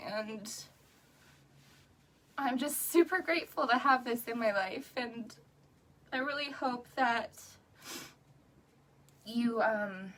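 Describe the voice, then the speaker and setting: A tearful woman in her thirties speaks in a bright, forceful voice that sits a touch high for a woman. She sounds earnest and encouraging through her crying, with little laughs. Her voice comes from slightly away from the microphone. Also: unhurried, long pauses, far from the mic, slight background noise. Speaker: direct sales rep. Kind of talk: emotional live video to a group.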